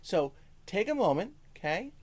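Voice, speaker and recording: A male music teacher giving a first-grade lesson, speaking slowly to young children, checking in with "okay?" and singing short lines. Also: sits high, very animated, a little mellow. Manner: lots of "okay?" check-ins.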